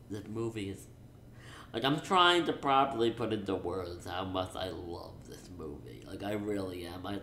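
A young man giving a casual, excitable movie review, rambling with many restarts and fillers. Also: mid-range voice. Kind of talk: casual spoiler review vlog. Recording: echoey room.

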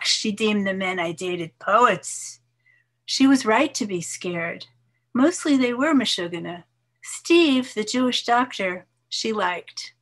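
A woman in her seventies, a poet, reading her poems in a measured, expressive way and chatting casually between them. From New York, USA. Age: 70s. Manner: measured, expressive reading, soft voice dropping low on some lines. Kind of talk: poetry reading with casual asides.

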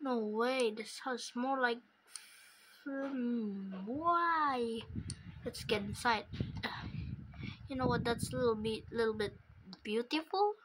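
A woman's voice: on the high side, background noise. A woman giving casual game commentary in a hesitant way, with many fillers. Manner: hesitant, lots of fillers, slow.

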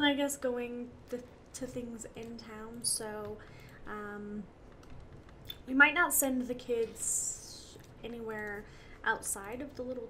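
A young woman with a high voice talks her way through a video game as its host. She laughs often, gets emotional and talks straight to her characters. A faint ambient noise sits under the recording. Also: fairly bright tone. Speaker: gaming channel host. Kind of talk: let's-play commentary.

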